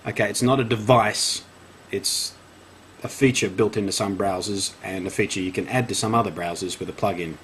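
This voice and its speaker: A man's voice: lowish voice, lively intonation, normal speed, a little hiss or hum. An Australian man vlogging, reading a news article aloud and breaking off for sarcastic, wry commentary with frequent laughs.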